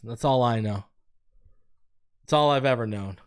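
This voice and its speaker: A man hosting a sports show, chatting casually on a live stream, loose and jokey, rambling through shout-outs and a sponsor read. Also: mid-range voice, unhurried, smooth.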